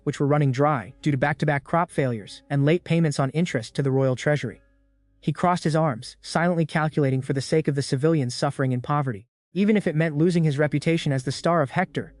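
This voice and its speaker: A man giving brisk, casual scripted narration as a story recap narrator. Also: on the high side, a little mellow, no room sound.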